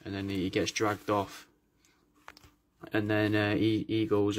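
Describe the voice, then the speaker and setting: A man's voice: lowish voice, completely flat delivery, a little slow, pauses often. A man rambling casually to camera in a comedic monologue, full of restarts, swearing and "mate". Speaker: comedy vlogger playing a taxidermist.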